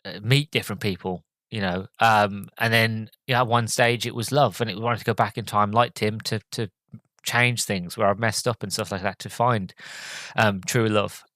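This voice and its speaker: A man hosting a podcast, talking through a movie review in a halting, hesitant way with many fillers, audibly choked up and emotional. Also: fairly low pitch, fairly even intonation, a bit bright, no room sound. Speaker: podcast host.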